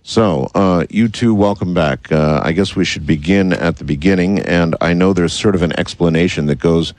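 A man's voice: sits low, normal speed, a little mellow, no echo. A man hosting a radio interview, asking wry, skeptical questions with many hesitations. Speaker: radio host.

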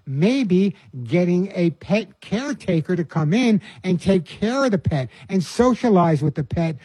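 An older man hosts a call-in pet advice radio show, talking in an earnest, folksy way. His voice sits a bit high for a man but sounds mellow and husky. The sound is dry and close, with no room around it. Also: expressive, unhurried, no echo. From New York. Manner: earnest, folksy, repeats words when starting phrases.

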